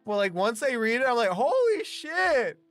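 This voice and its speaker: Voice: medium pitch, quick pace, fairly bright tone, clear, resonant tone. A streamer chatting casually with viewers while drawing live, laughing often, swearing freely and leaning on "like" as filler. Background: faint background music.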